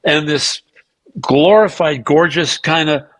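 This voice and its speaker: A man as a podcast guest, telling animated anecdotes and acting out the dialogue of others, sometimes profane and self-mocking. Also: a little high, takes it slowly, no room sound, rough recording. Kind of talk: casual storytelling interview.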